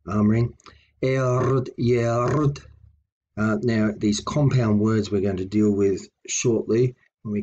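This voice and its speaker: A man's voice: on the low side, darkish tone, breathy edge. A man teaching a language lesson, patiently repeating each example word several times as he explains.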